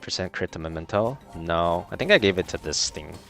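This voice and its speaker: A man with a very low voice comments live on his own gameplay. He talks casually to his chat and keeps ranting in exasperation about his teammates. Faint game music plays behind him. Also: lively intonation, a little fast, a bit bright. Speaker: game streamer.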